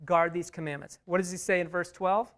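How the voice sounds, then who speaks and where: A man's voice: sits high, fairly even intonation, a little fast, fairly bright tone. A man leading an interactive Bible study, emphatic, repeating key words and putting questions to the group.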